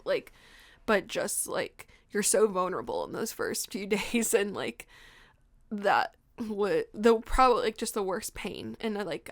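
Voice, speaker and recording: A young woman telling her birth story on a podcast, often laughing through tears and saying "like". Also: mid-range voice. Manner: tearful, laughing through tears, fills talk with "like". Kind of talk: emotional personal storytelling.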